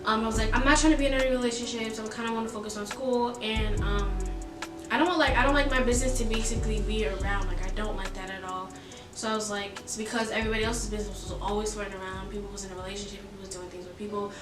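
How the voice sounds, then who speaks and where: A woman's voice: medium pitch, fast talker, echoey room, distant mic, over music. A young woman with a Southern US accent, telling a story casually and animatedly, acting out what people said. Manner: animated, acts out quoted dialogue.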